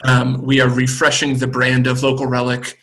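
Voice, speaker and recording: Man, brewery co-owner, relaxed video call chat, clear bright tone, lots of fillers. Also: medium pitch, moderate pace, rough recording. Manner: relaxed, thoughtful, with many fillers.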